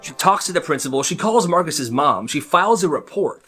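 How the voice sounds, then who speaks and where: Lively man narrating storytime. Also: on the high side, brisk, husky, faint music behind. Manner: lively, casual, commenting on the stories.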